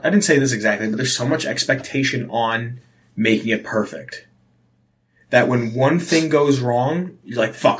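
Young man, podcast co-host, casual chat, profane, stammering restarts, mid-pitched voice. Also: a bit bright.

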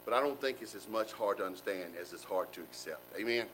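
Bright-voiced folksy male preacher. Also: fairly low pitch, quick pace, slight background noise, poor audio. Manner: folksy, animated preaching with colloquial asides. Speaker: pastor. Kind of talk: sermon.

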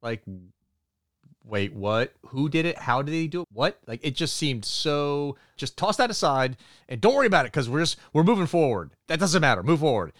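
A man co-hosting a podcast, recapping a film in an animated storytelling way. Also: on the high side, moderate pace, no echo, clean studio sound. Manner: animated storytelling, acts out character quotes. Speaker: podcast co-host. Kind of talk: movie review recap.

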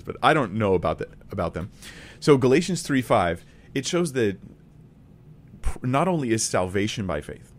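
A man's voice: fairly low pitch, slight background noise. A man giving a conversational Bible study, earnest and emphatic, often restating his key points. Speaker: Bible teacher.

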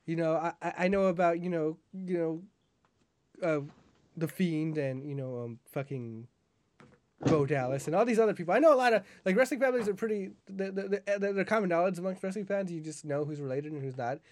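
A man's voice: on the high side, brisk, darkish tone. A man co-hosting a wrestling podcast, ranting in casual chat, profane and rambling with frequent restarts.

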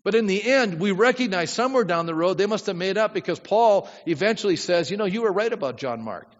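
A man's voice: sits high, lively intonation, fast talker, long reverb tail, muffled recording. A man pastor preaching a sermon in a conversational way, often asking the congregation questions.

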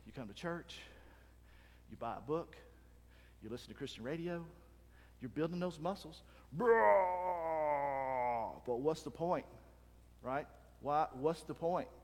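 A man's voice: fairly high pitch, in a large hall. A male pastor preaching a conversational sermon, often checking in with the congregation with "right?" and acting out stories with voices and sounds. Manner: acts out anecdotes with voices and sounds.

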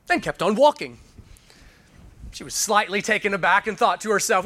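A man's voice: high voice, expressive, moderate pace, bright, forceful tone. A man, a pastor, preaching a sermon, praying earnestly and telling an illustration with frequent restarts.

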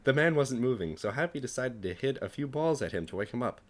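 A man's voice: mid-range voice, animated, quick pace. A young man, a podcast co-host, reading his comedic fan fiction aloud, acting out the dialogue and laughing at his own jokes.

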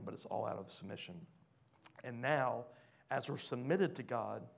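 A man preaching a sermon, reading scripture aloud and questioning the congregation, swinging from hushed lines to loud ones. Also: mid-range voice, creaky. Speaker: pastor.

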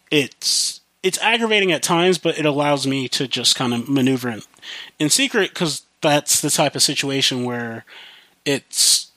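A man's voice: medium pitch, a bit bright, no echo. Young guy podcasting solo, rambly, lots of likes and you knows, dry mic. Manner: rambling, many fillers and restarts. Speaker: podcast host. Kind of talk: casual monologue.

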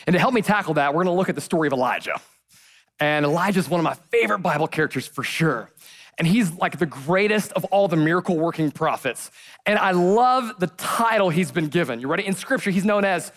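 A man preaching a sermon as a pastor before a congregation, swinging from loud to hushed. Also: on the high side, a little fast. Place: church stage before a congregation.

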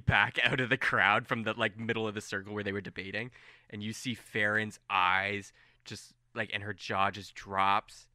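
A man's voice: lowish voice, pushed and bright, clean tone, dry recording. A man narrating a tabletop role-playing game as game master, casual and rambling, with frequent laughs.

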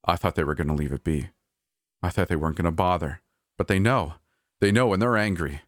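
A narrator doing a desperate male manager, hushed and halting, low deep pitch, dry close sound. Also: dry recording. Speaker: park manager.

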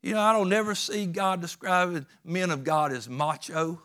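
Folksy preacher, higher voice. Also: male voice, fairly even intonation, normal speed, pushed and bright. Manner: folksy, emphatic preaching with rural Southern grammar. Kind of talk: sermon.

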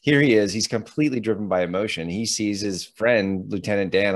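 Low-voiced man in animated casual chat. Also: a little fast, dry recording. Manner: animated storyteller, laughs often, acts out quotes. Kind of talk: casual chat about a film.

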